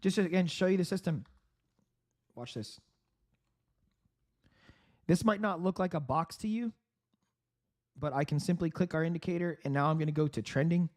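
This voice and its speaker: A man's voice: a little high, moderate pace, long pauses. Upbeat man hosting a trading livestream. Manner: upbeat, laughs often, clears throat. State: coughing, sore throat. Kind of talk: live market commentary.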